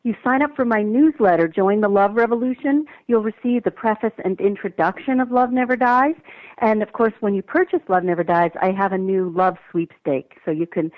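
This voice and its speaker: A woman, a guest author, tells a personal story with lively emphasis while calling in to an interview. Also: mid-range voice, normal speed, dry recording. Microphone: telephone. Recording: tinny phone line.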